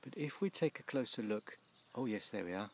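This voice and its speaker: A man giving casual, gently humorous commentary outdoors by a field, slowly explaining English words as he films. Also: fairly low pitch, expressive, slight background noise. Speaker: vlogger teaching English.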